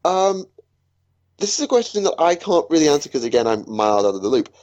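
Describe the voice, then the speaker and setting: A man's voice: on the high side, sing-song, fast talker, a little mellow, muffled recording. A man co-hosting a casual podcast chat, teasing and hesitant, with frequent ums. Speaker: podcast co-host.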